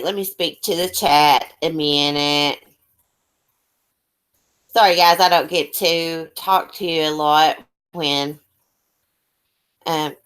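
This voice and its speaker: A woman's voice: sits low, fairly bright tone, clean tone. A woman hosting a casual live stream, chatting folksily with her guest and viewers. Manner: chatty, folksy, addresses chat viewers by name.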